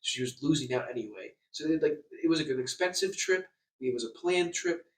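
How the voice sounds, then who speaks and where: Young man vlogging an agitated rant, fast, echoey and off-mic. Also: fairly high pitch, a little hiss or hum. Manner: agitated, swearing, stammering repeats. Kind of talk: angry storytime rant. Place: hotel room. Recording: echoey room, distant mic.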